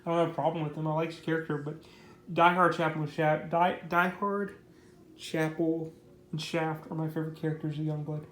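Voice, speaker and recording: A man's voice: fairly high pitch, flat delivery, fairly quick, fairly bright tone. A man giving a casual comic book review, rambling with lots of fillers and repeating his praise. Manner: rambling, heavy on fillers like "basically" and "like". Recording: roomy echo.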